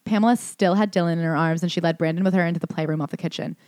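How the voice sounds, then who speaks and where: Her voice is fairly low, steady, and darkish as she co-hosts a podcast, reading passages aloud and commenting in casual conversation. She's quick, incredulous, and sarcastic, and the clean studio recording has no room sound.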